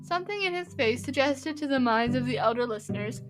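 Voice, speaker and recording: High-voiced woman narrating a storybook. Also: expressive, fairly quick, music in the background. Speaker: audiobook narrator.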